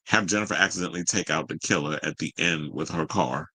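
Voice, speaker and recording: A man hosting a casual pop culture podcast, sassy and animated, reading viewer comments and riffing on them. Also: sits low, moderate pace, pauses often, slightly rough, no echo, low-quality recording. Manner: sassy, animated, reads chat comments aloud. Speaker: podcast host.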